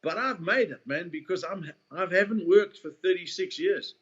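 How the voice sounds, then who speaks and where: A man's voice: sits high, normal speed, a bit bright. Joking South African man on a muffled call. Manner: chatty storyteller, slangy and joking. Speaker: comedian guest. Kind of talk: casual chat.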